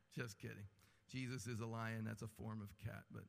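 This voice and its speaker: A man's voice: lowish voice, steady tone, unhurried, gravelly. A man preaching a sermon with impassioned delivery and humorous asides, rising and falling in intensity. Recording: long hall reverb.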